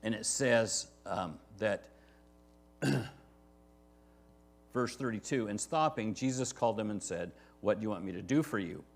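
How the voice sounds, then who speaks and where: A man's voice: on the low side, unhurried, vocal fry, pauses often. A man preaching a verse-by-verse sermon as pastor, talking to the congregation in a conversational way and often asking "right?". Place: church sanctuary.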